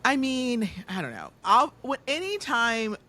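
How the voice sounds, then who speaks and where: A woman's voice: fairly high pitch, big pitch swings, unhurried, bright, forceful tone. A woman podcast guest in casual pop-culture chat, talkative and often restarting her sentences. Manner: talkative, self-interrupting with restarts.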